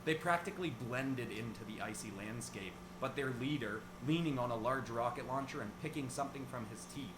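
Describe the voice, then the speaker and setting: A man narrating his own story video in a casual, brisk style. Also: medium pitch. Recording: echoey room with background noise.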